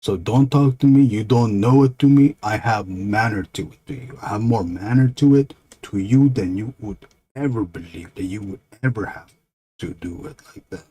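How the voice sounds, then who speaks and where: A man's voice: on the low side, normal speed, mellow, slightly rough. A man voicing a dim-sounding but proudly well-mannered monster that speaks in broken grammar and mutters indignantly.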